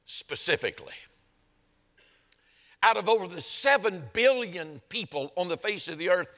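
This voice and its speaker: A man's voice: a little high, sharp tone. A middle-aged male pastor preaching a sermon, building to emphatic rises and repeating words as he stresses a point. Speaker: senior pastor. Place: church sanctuary. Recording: long hall reverb.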